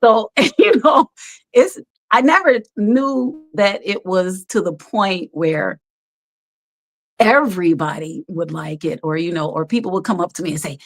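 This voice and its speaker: A woman who works as a background actor, telling stories in an animated, chatty way as a talk-show guest, often laughing. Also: on the low side, a little slow. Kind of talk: casual storytelling chat.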